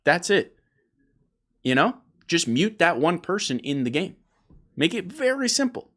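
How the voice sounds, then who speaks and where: A man hosting an opinionated gaming discussion, emphatic and animated, often repeating words as he starts a point. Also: sits high, measured pace. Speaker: host.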